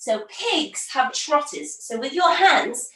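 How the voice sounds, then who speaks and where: High, slow, playful yoga teacher woman. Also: animated, recorded from a distance. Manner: playful and encouraging, gives gentle instructions. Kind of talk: storytelling yoga class for children. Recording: roomy echo, from off the mic.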